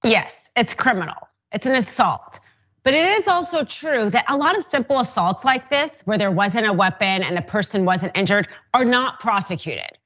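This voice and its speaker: A woman guest explaining a legal point in a measured, even way. She has a medium pitch. The sound is slightly dull. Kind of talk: interview answer.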